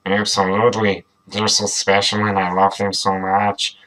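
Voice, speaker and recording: A man reading aloud, voicing a doting dinosaur mother in a flat, deadpan voice. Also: lowish voice, moderate pace, smooth, natural voice.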